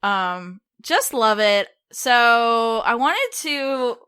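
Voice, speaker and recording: Female podcast co-host, slightly high-pitched, loose and chatty with fillers. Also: expressive, very slow, bright, forceful tone, smooth. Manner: chatty, laughing, lots of fillers and restarts. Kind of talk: casual chat.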